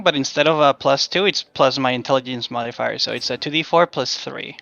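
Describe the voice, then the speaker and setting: Guy player, sharp bright voice, kinda hesitant, muffled lo-fi mic. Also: medium pitch, a little fast, creaky. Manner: hesitant, chatty. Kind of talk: casual tabletop play.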